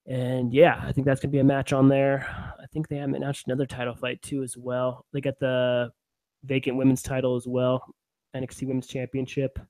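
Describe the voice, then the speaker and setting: A man's voice: mid-range voice, completely flat delivery, fairly quick, darkish tone, no room sound. A man co-hosting a wrestling podcast, chatting casually, laughing easily and using many fillers. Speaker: podcast co-host. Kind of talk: casual chat.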